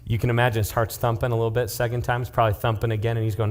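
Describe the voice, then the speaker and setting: Animated young man preaching to youth. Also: mid-range voice, very fast. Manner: casual, animated retelling with acted-out quotes and sudden hushed asides. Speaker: youth pastor. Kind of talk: youth-group sermon storytelling.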